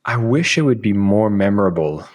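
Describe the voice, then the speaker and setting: A man's voice: fairly low pitch, expressive, moderate pace. A man in his thirties, a podcast guest, telling a casual story and acting out his own past lines.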